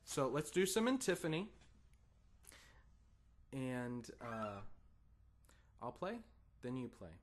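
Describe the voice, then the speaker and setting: Guy giving a guitar lesson, patient, counts in and sings the strums out loud. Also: mid-range voice, very animated, slow, pauses often, slight background noise. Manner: encouraging, patient, sings rhythms as "da da". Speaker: guitar teacher.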